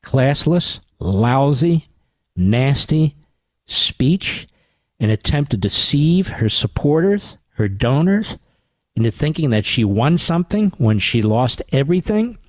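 Animated, combative radio host man. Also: mid-range voice, slow pace, no room sound. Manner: sarcastic, indignant, rising to loud rhetorical questions. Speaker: radio talk show host. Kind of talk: combative political commentary.

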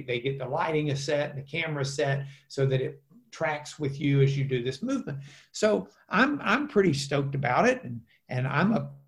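A trial lawyer in an interview, a man telling anecdotes with lively energy and plenty of restarts. His voice sits a little on the higher side for a man. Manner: animated anecdotes with many fillers and restarts. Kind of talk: casual storytelling interview.

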